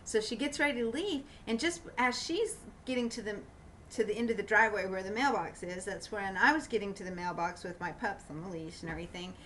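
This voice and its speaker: A woman telling a long personal story in a casual vlog, rambling with many fillers and restarts and getting animated when she quotes others. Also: medium pitch, a little fast, distant mic, slight background noise, poor audio. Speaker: vlogger.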